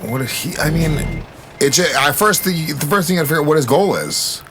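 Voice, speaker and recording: A man as a guest in a casual podcast chat, loud, profane and emphatic as he riffs. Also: a little high, lively intonation, brisk, noisy background.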